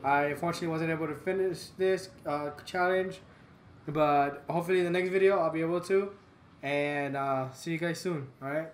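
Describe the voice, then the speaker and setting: A man's voice: a little high, steady tone, a little fast. A man giving gameplay commentary, frustrated and swearing constantly. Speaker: gamer. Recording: roomy with loud background noise.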